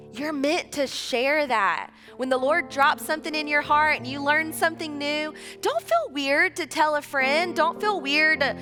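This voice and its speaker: A woman in her thirties preaches to a church, her voice bright and a touch high. She talks chattily and acts out short conversations. The sound rings through a large hall, with soft music behind. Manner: chatty, animated, acts out dialogue. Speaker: church speaker. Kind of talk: sermon.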